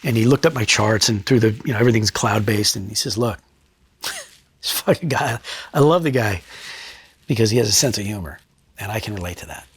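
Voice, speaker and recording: A middle-aged man and retired state trooper, telling his story bluntly in a sit-down interview, swearing freely and pausing to reflect. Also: on the low side, lively intonation, breathy edge, no room sound. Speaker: retired state trooper and crime scene investigator.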